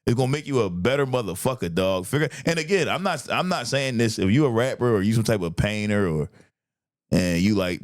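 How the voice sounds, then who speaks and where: A man hosting a podcast, chatting casually and telling stories in a profane, animated way. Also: medium pitch, a little fast. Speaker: podcast host, comedian. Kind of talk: casual chat.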